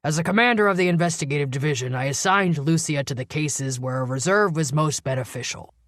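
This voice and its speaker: A woman narrator voicing a gruff, irritable older male police commander in an audiobook, speaking curtly and defensively. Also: low voice, fast talker, no echo, clean studio sound, natural voice. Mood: grudging. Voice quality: gruff, growling. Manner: defensive, curt, raises voice. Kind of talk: audiobook character voice.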